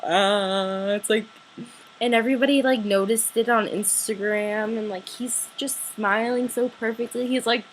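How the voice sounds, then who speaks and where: Gushing teen girl vlogger, high voice. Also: steady tone, unhurried, slight background noise, low-quality recording. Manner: gushing, breathless, many "like" fillers. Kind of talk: excited storytelling to camera.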